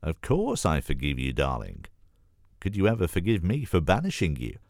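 A man's voice: very deep voice, huge pitch swings, normal speed, gravelly, darkish tone, no echo, studio quality, heavily acted. A man voicing a huge, motherly female hippo queen in a storybook reading. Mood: tender. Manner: affectionate, fussing.

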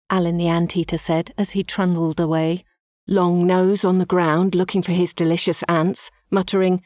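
A woman calmly reading a children's story aloud. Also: on the low side, moderate pace, no echo, clean studio sound.

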